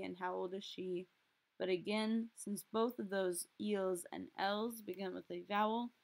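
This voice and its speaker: A woman teaching a recorded French lesson, explaining step by step and slowly repeating example phrases. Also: medium pitch, gravelly.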